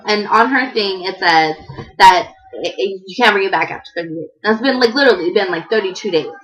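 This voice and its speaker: A woman's voice: fairly high pitch, a bit bright, poor audio. A woman, telling a long exasperated story in a rambling, casual way. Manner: exasperated, rambling, acts out quoted people. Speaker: vlogger.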